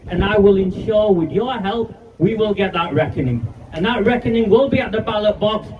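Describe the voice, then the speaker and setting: A man's voice: high voice, normal speed. A man, giving an angry, defiant speech at a street protest. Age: 50s. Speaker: campaigner speaking at a rally. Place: outdoor street rally. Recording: distant, muffled, noisy outdoor recording.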